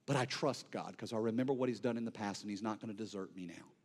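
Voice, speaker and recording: A male pastor delivering an impassioned sermon, swinging between near-shouted peaks and hushed, quiet lows. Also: fast talker.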